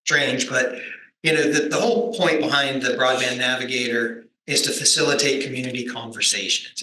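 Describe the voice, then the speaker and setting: A man's voice: medium pitch, bright, forceful tone, a little hiss or hum. A man on a conference panel explaining his program in a thoughtful, explanatory way. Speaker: extension program leader. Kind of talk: panel discussion. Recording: echoey conference room.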